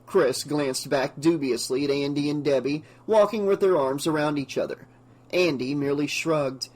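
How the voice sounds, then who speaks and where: A man narrates an audiobook from a script, reading in a steady, measured manner. His voice is slightly high for a man, and he keeps the prose even from one line to the next.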